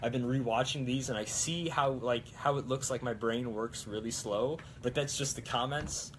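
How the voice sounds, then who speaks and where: A man's voice: mid-range voice, normal speed, a little hiss or hum. Rambling young man on a live stream. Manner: rambling, lots of fillers and restarts. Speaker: live stream host building props. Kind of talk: casual live stream chat.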